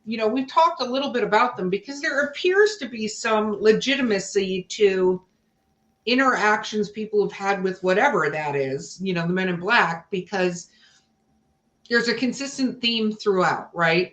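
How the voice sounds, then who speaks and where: A woman's voice: medium pitch, lively intonation, moderate pace, fairly bright tone, highs cut off. A woman hosting a podcast, chatting casually and turning ideas over as she speaks. Her voice sits mid-range and the recording carries a noticeable roomy echo. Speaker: podcast co-host. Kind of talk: casual chat.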